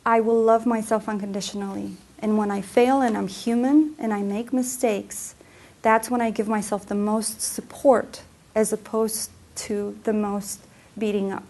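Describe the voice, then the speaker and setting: A woman's voice: medium pitch, little pitch movement, a little slow, a little mellow. A woman coach giving a presentation talk, telling personal stories in an earnest way. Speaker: emotional health coach. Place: center for women presentation room.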